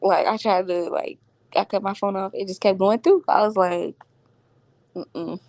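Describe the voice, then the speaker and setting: A woman's voice: medium pitch, moderate pace, a little mellow, no room sound. A woman vlogging at home, telling a story in slangy casual chat and laughing often as she talks. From Florida.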